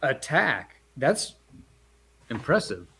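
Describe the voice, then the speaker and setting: A man's voice: mid-range voice, sing-song, slow, creaky, a bit bright, breathy edge. A man co-hosting a casual comic book podcast, joking and acting out characters' lines. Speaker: podcast co-host.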